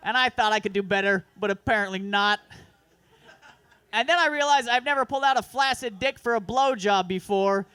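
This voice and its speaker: A man's voice: high voice, a little fast, pushed and bright, clear, resonant tone, no room sound. A man performing a crude, self-deprecating stand-up set at an open mic, rambling through asides. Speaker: stand-up comedian. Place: comedy club open mic.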